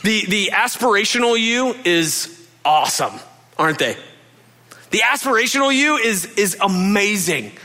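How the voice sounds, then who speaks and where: A pastor gives a relaxed, story-driven sermon with a high, bright, forceful voice. He talks straight to the crowd and stumbles over his words before pressing on, earnest and open. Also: measured pace. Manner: earnest storytelling with frequent restarts and direct "you guys" address. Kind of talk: conversational sermon.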